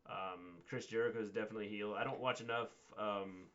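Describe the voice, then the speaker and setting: A man co-hosting a casual livestream recap, talking in a measured way with frequent hesitations and "um"s. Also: fairly low pitch, fairly even intonation, a bit bright, highs cut off. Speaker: co-host.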